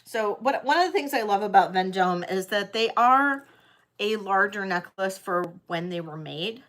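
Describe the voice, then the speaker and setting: A woman hosting a live online sale, chatting casually as she auctions vintage jewelry, with frequent ums and pauses. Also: mid-range voice, lively intonation, fairly bright tone. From United States.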